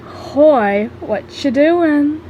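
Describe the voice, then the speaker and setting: A woman voicing a playful grown male shadow creature who teases in a calm tone. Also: high voice, extremely slow, phone-quality sound, a little hiss or hum, voice pushed up, heavily acted. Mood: teasing. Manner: calm, teasing.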